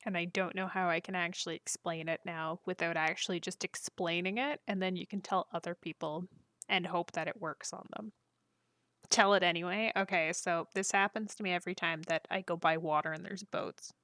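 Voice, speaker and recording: A woman's voice: lowish voice, steady tone, a little fast, fairly bright tone, no room sound, clean studio sound. A woman live-streaming a game, chatting casually with her viewers and laughing often between jokes. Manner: giggly, breaks into frequent laughter; chatty, jokey, talks to her chat. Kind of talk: casual live-stream chat while gaming.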